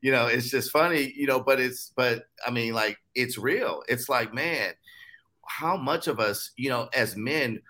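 A man's voice: medium pitch, unhurried, sharp tone. A man in his forties, a guest on a casual podcast, explaining things in a loose, friendly way with lots of "you know" fillers.

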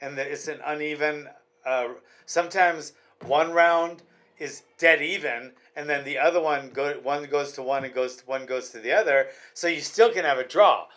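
This man talks casually about fights as a podcast host. His voice sits a touch high for a man, and he rambles and restarts his sentences a lot. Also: normal speed, fairly bright tone.

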